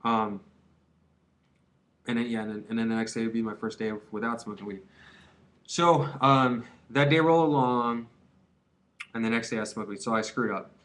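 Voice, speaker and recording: A man's voice: medium pitch, steady tone, moderate pace, long pauses, fairly bright tone. Rambling, slangy young man vlogging. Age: 20s. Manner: rambling, slangy, many fillers like "dude" and "man". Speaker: vlogger giving advice on quitting. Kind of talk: casual confessional monologue to camera.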